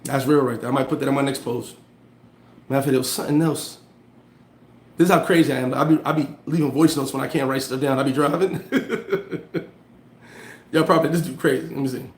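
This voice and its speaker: A man hosting a casual motivational livestream, telling animated stories in street slang and answering viewer comments. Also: medium pitch, a little fast, long pauses, reverberant, slight background noise. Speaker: livestream host giving motivational talk. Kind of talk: casual motivational live chat.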